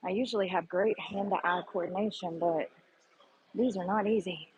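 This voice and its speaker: A woman's voice: fairly low pitch, fairly even intonation, moderate pace, dull audio, noisy background. A woman talking to her camera in a gym, blunt and profane, explaining her workout in a casual chatty way. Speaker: vlogger. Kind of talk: casual gym vlog talk. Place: public gym.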